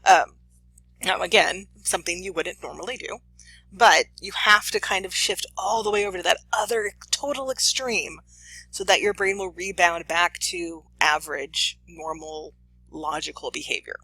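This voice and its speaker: A professor talks through a case in a lecture, slipping into the voices of the people involved. The tone is bright and forward, with a gravelly edge running through it. The delivery is animated and storytelling-driven. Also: mid-range voice, moderate pace, no room sound, poor audio.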